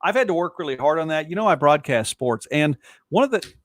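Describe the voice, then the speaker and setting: A man with a softened Southern US accent, hosting a casual live-stream talk show from a home studio and chatting loosely with viewers. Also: a little high, animated, brisk, dry recording. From born in Texas. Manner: chatty, rambling, reacts to viewer comments. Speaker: host.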